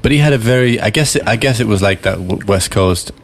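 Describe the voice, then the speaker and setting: A man's voice: lowish voice, animated, brisk. A British man hosting a casual podcast chat, thoughtful and rambling with many fillers.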